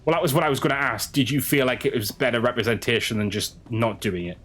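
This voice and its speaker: A man streaming a game, chatting casually with his audience in a halting way, with frequent restarts. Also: medium pitch, fairly bright tone. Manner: halting, chatty, many restarts, answering chat. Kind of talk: casual stream chat while gaming.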